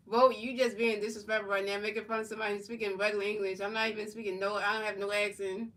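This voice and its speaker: A woman's voice: medium pitch, level tone, quick pace, few pauses, a bit bright, recorded from a distance. A woman from Philadelphia streaming a football video game, calling plays and chatting casually with viewers, often repeating and restarting her phrases. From Philadelphia, USA. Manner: repetitive, restarts phrases, casual chat-reading. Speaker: gaming streamer.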